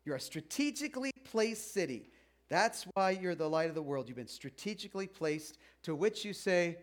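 A middle-aged pastor with a noticeably high voice delivers an informal sermon. He speaks conversationally, stumbling and restarting mid-sentence, and slips into the voices of doubting listeners to make his point. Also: lively intonation. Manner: informal, halting with restarts, acts out listeners' objections.

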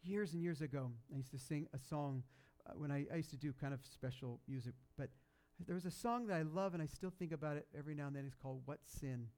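Speaking fast, a pastor preaches a sermon built around a story, talking conversationally with lots of fillers and restarts. His voice rises loud in excited stretches and drops soft and low at the sad parts.

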